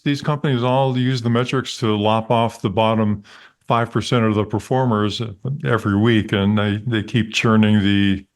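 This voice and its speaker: A man on a podcast, making wry, analytical remarks in a dry manner. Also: lowish voice. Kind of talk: podcast discussion.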